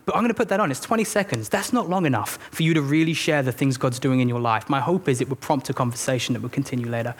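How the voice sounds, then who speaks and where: A man's voice: medium pitch, slightly rough. A man preaching a sermon as a pastor, talking earnestly and conversationally, with storytelling, self-deprecating asides and frequent restarts. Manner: repeats words and restarts when thinking aloud.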